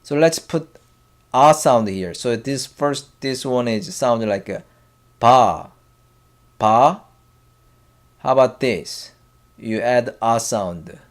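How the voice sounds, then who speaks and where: Slow, halting man with a Korean accent. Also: medium pitch. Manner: very slow, halting, repeats syllables loudly for drill. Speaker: Korean language teacher. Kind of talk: casual whiteboard lesson.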